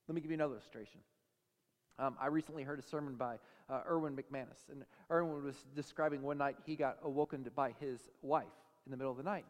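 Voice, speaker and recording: A man preaching a sermon as pastor, telling stories in an animated way and acting out the voices of the people in them. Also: a little high, in a large hall. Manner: animated storytelling, acts out quoted voices. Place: church sanctuary.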